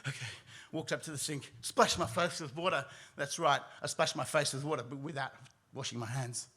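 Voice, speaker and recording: A man telling a personal story live on stage, animated, acting out his own panicked reactions. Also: fairly high pitch, fairly quick, a little hiss or hum. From Australia.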